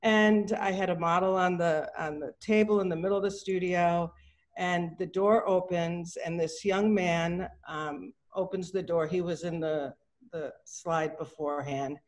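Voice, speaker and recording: A woman's voice: lowish voice, steady tone, measured pace. A middle-aged woman, an artist, telling a casual story over a video call, chatty and full of fillers, acting out the dialogue. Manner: chatty, acts out quoted dialogue, many fillers and restarts. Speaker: artist giving a talk.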